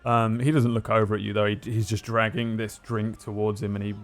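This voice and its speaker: A man narrating a tabletop game as game master, describing scenes with frequent pauses. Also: on the low side, level tone, faint music behind.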